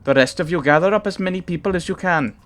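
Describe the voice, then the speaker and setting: A man voicing a gruff giant warrior with a put-on Welsh accent while reading a game's dialogue. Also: high voice, fast talker, a bit bright, pitched above the performer's own voice. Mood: urgent.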